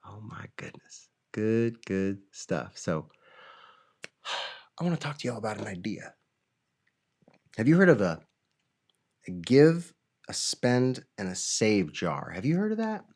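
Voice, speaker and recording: A man's voice: lowish voice, slow, long pauses. A man leading a kids' music lesson, singing, clapping and talking to the children in a playful way. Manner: animated, playful, sings and claps along. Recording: loud music behind.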